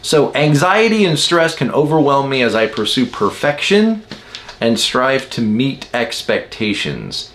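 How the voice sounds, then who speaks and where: A man's voice: medium pitch, a little slow, a little hiss or hum. A man giving a casual talk about personality types. He explains patterns with everyday examples and sometimes acts out the people in his stories. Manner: animated storytelling with acted quotes. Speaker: Enneagram teacher.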